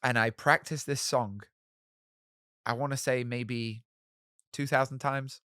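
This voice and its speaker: Interview guest: man, animated and candid, dry close-miked voice. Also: mid-range voice, takes it slowly, dry recording. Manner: candid, self-mocking, animated storytelling with many fillers. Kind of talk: storytelling in a podcast interview.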